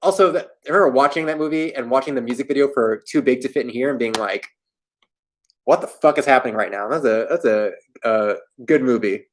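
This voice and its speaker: A man's voice: medium pitch, quick pace. A young man from Florida hosting a livestream, answering viewer questions in a candid, self-deprecating, rambling way. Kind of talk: casual livestream chat. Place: home in New York.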